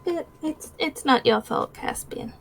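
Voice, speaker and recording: A woman plays an earnest young adventurer who speaks softly and hesitantly, often dropping near a whisper. Her voice sits high. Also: a little slow, vocal fry, a little hiss or hum, poor audio. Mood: worried. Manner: hesitant, soft-spoken.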